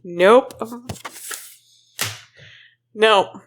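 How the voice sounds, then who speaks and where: A young woman co-hosting a comedy podcast, quick with playful quips. She giggles often and keeps the banter light. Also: mid-range voice, slight background noise. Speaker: podcast co-host.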